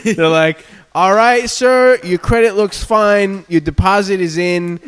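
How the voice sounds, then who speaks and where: A man's voice: high voice, a little slow, fairly bright tone, clean tone, voice pushed up. A man voicing a pushy male apartment leasing agent who makes mock-polite, veiled threats. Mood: menacing.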